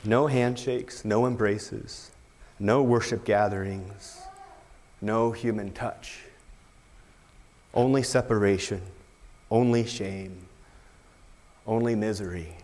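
A man's voice: fairly low pitch, steady tone, takes it slowly, pauses often, a little mellow, long reverb tail. A man preaching a sermon, emphatic, with rhetorical questions. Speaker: pastor.

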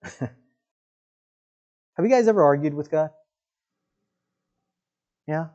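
A man's voice: on the high side, animated, slow, mellow, highs cut off. A male pastor preaching a sermon in a conversational way, often putting questions to his congregation.

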